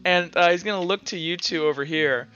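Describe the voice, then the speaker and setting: Man, game master, casual hesitant narration, bright tense voice, muffled sound, music behind. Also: high voice, a little fast, clean tone. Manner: casual, hesitant, many fillers. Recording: muffled audio with background music.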